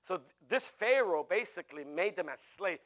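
A man preaching a sermon in an animated way, with jokey asides. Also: high voice, normal speed.

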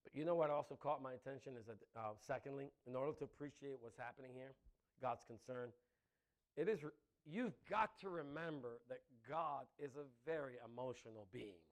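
A man preaching a sermon with passion, moving between loud emphatic lines and soft, intimate ones, laughing between points. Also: medium pitch, brisk. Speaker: pastor.

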